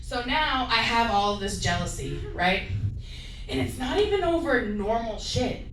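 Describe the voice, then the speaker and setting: Woman stand-up, open mic, profane and rambling, slightly high voice, echoey distant club sound. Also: expressive, unhurried, a bit bright, slight background noise. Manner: profane, rambling, self-mocking. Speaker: stand-up comic.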